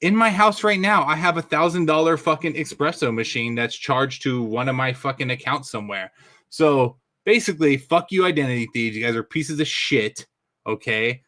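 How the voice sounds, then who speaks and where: A man's voice: medium pitch, normal speed, pushed and bright. A man co-hosting a podcast, launching into an angry, profane rant and swearing constantly. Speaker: podcast co-host. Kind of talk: casual ranting podcast chat.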